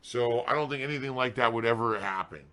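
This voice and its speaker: A male game streamer talks to his live chat in a sarcastic, defensive rant. His voice sits at an ordinary pitch for a man. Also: fast, pushed and bright.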